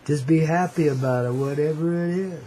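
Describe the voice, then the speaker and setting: A man's voice: fairly high pitch, fairly quick, warm tone, slight background noise, low-quality recording. A man hosting a radio show, rambling in a playful, slangy, cosmic way and calling listeners "baby". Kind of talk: freewheeling hippie radio monologue.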